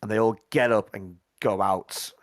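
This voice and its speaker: A man narrating as game master, hesitant and full of pauses. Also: fairly low pitch, steady tone, dry recording, studio quality. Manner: hesitant, full of ums and restarts.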